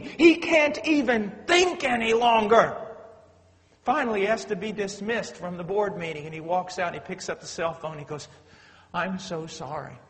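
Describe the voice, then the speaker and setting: A man preaching a sermon, swinging between loud urgent outbursts and quiet, low storytelling. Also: long reverb tail.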